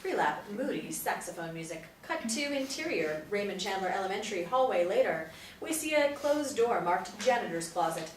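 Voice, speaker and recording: A woman reads the stage directions of a TV pilot aloud in a steady, matter-of-fact way. She sounds far from the mic in an echoey room with faint noise behind. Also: mid-range voice, moderate pace. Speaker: narrator. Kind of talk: reading stage directions at a table read. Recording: roomy, distant mic.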